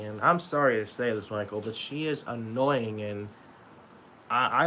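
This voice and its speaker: Sad, halting young man vlogging. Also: medium pitch, a bit bright, slight background noise, poor audio. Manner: halting, repeats and restarts, sad. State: emotional. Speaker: YouTuber. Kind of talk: emotional vlog monologue.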